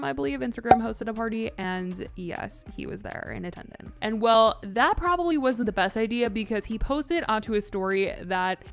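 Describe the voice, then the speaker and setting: A woman hosting a gossip show, reading news and giving her opinions in a chatty way. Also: fairly high pitch. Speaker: host. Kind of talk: scripted gossip commentary.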